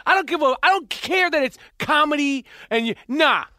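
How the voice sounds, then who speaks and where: A man's voice: very high voice, lively intonation, normal speed, pushed and bright, no echo, clean studio sound. A man in casual podcast chat, blunt, often stammering and restarting.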